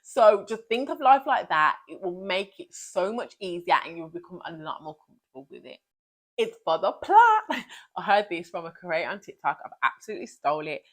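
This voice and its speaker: A young woman, a vlogger and teacher, giving a motivational talk to camera in an energetic, emphatic way, often repeating key phrases. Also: fairly low pitch, brisk, hardly any pauses.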